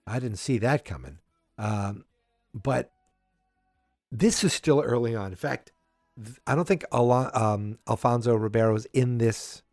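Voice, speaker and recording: A man's voice: medium pitch, a little mellow, no echo, studio quality. Chatty man recapping a sitcom. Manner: rambling, chatty, with many fillers and wry asides. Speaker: podcast host. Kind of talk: casual episode recap.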